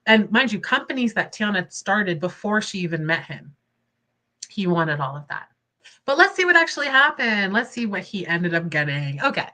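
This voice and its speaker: A young woman hosting casual livestream commentary, expressive and indignant, laughing often between points. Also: mid-range voice, normal speed. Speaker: commentary channel host.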